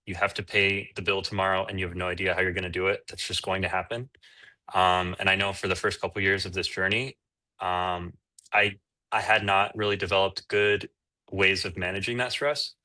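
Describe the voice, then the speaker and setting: Bright-voiced man, candid entrepreneur guest. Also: low voice, steady tone, moderate pace. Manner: candid, rambling with fillers and restarts. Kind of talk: casual interview chat.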